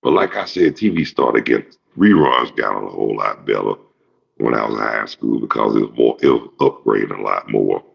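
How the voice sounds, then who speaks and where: A man in his fifties with an extremely deep, gravelly voice rambles through a casual monologue, cracking jokes and cursing freely. His husky tone comes through a dull, lo-fi recording. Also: normal speed. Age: 50s. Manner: rambling, profane, jokey storytelling. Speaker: show host.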